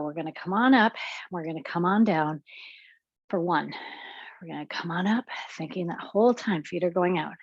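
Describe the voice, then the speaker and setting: A woman's voice: deep voice, no echo, highs cut off. A woman leading an exercise class, talking students through each move and counting reps, a little out of breath as she works along. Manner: cueing moves while exercising, counting reps. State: slightly out of breath. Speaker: fitness instructor.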